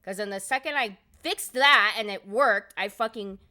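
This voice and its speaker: This woman speaks at normal speed with a medium pitch and a bright, forceful tone. Casually chatting on her live stream, the game streamer rambles, swears, and lets her exasperation pour out.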